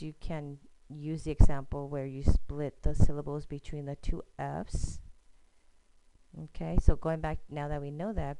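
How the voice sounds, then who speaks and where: A woman's voice: sits low, gravelly, mellow, no echo, low-quality recording. A woman teacher patiently explaining a screencast lesson step by step, often checking in with "okay?".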